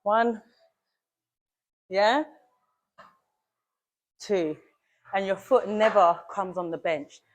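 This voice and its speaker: A young fitness coach with a medium-pitched voice talks a little slowly as she runs a gym workout. She's casual and direct, calling viewers "you lot," and gets slightly out of breath while demonstrating.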